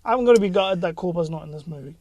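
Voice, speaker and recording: A man's voice: high-pitched, lively intonation, fast, darkish tone. A man co-hosting a casual film podcast, making teasing jokes. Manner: joking, teasing, dry one-liners. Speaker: podcast co-host. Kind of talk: casual banter about film news.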